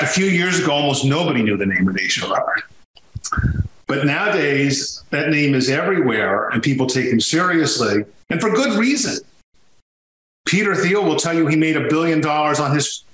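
A man's voice: a little high, fairly bright tone, roomy sound, slight background noise, low-quality recording. A man from Sicily talking as a podcast guest, telling his story emphatically with frequent restarts. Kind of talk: conversational podcast interview.

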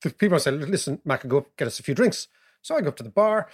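A man, co-hosting a podcast, telling stories and explaining economics in an animated way, laughing as he goes. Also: fairly high pitch, fast, husky. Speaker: podcast co-host. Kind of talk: casual storytelling and economics chat.

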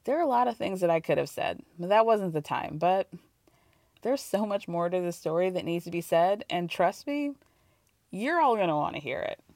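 A woman quoting a composed woman reality star giving a measured confessional in a lower, calmer voice. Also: no echo, studio quality. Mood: solemn.

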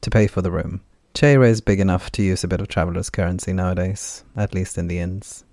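A man's voice: deep voice, fairly even intonation, a little fast, a little mellow, no echo, clean studio sound. A man voicing a brash, teasing female magic healer who talks breezily and sarcastically, with plenty of fillers.

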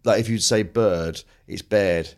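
A man in his thirties from Grimsby with a Grimsby accent, a comedian chatting on a podcast, animated and a bit breathy, trailing into restarts. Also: lowish voice, a little fast. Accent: Grimsby, northern English. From Grimsby, England. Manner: animated storytelling, slips into other voices, frequent laughs and restarts. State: slightly breathy this morning. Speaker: comedian guest. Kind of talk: casual podcast chat.

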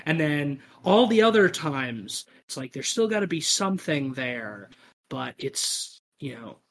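A man's voice: fairly high pitch, sing-song, measured pace, a little hiss or hum. A man co-hosting a podcast, chatting casually and animatedly about a film, laughing often. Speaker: podcast co-host.

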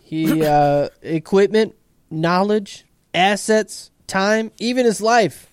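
A man's voice: high-pitched, fairly even intonation, slow pace, smooth, no room sound, studio quality. A man co-hosting a podcast, recapping an episode in a laid-back way with swearing asides. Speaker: podcast co-host.

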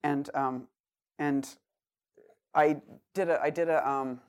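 A middle-aged woman with a Boston accent gives a poetry reading, declaiming her poems and then chatting in a halting, rambling way between them. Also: deep voice, steady tone, a little mellow, clean tone. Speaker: poet.

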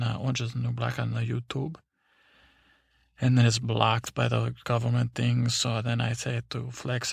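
A man's voice: medium pitch, gravelly, breathy edge, dry recording, clean studio sound, full character voice. A man doing a rambling Eastern European superheroine. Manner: rambling, halting, broken English. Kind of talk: sleep story character voice.

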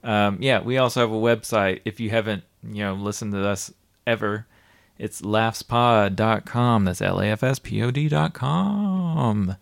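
Speaking at a very low pitch with vocal fry, a woman co-hosts a podcast in an unhurried, laid-back, rambling way, reading out listener thanks and shout-outs. The chat is casual, and the recording is dry and studio quality.

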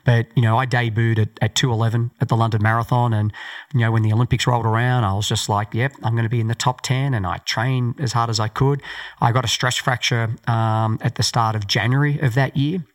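A man's voice: medium pitch, fairly even intonation, brisk. Casting note: middle-aged Australian man, mid-range voice, rambling and filler-heavy, podcast guest recounting a race. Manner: loose, rambling storytelling with many fillers. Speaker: guest, former Olympic marathon runner. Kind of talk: podcast interview storytelling.

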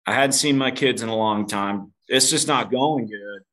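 A man's voice: mid-range voice, moderate pace, fairly bright tone. A man guest on a podcast interview, telling a personal story candidly, mocking himself and swearing casually. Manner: self-deprecating, casual swearing; calls the host dude.

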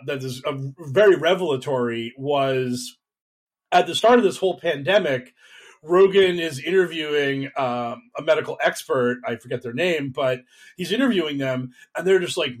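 A man with a slightly raised pitch talks through a casual podcast discussion. He rambles, restarts often and drops into mocking voices for the people he describes. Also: moderate pace. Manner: rambling, many fillers, mocking quoted voices. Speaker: podcast co-host. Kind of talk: casual political chat.

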